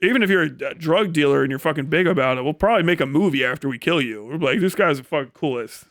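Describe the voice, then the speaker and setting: A man's voice: fairly high pitch, expressive, very fast, a bit bright, no echo, studio quality. A man from Ohio ranting in a heated, profane, laughing style on a casual live stream. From Ohio, USA.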